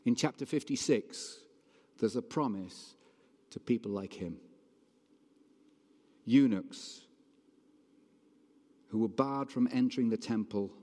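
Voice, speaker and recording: Conversational preacher in a reverberant hall. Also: male voice, medium pitch, darkish tone. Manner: conversational, emphatic, asks the congregation questions. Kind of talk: sermon.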